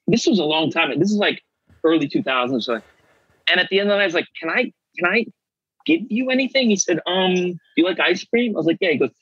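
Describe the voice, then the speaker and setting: A middle-aged man, an actor guest, telling animated stories in casual chat and acting out the voices of people he quotes. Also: fairly high pitch, fast, husky, no room sound, highs cut off. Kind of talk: casual storytelling.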